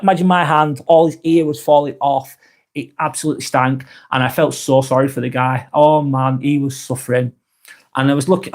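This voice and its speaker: A man hosting a live vlog, talking frankly and earnestly, swearing often and restarting his sentences. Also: mid-range voice. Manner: earnest and sympathetic. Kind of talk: casual live-stream chat.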